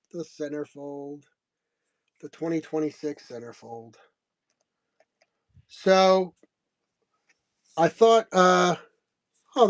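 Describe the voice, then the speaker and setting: A middle-aged man hosting a comics stream, telling a rambling story in a casual way, chuckling often and acting out what others said. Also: a little high. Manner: rambling, chuckling, acts out quoted dialogue. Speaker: host of a comics selling stream.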